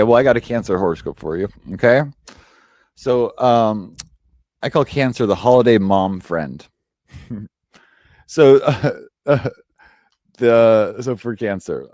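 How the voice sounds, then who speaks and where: A man's voice: medium pitch, darkish tone, no room sound, clean studio sound. A man hosting a live stream and reading horoscopes in a rambling, chatty way, full of fillers and self-corrections. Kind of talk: casual live-stream chat.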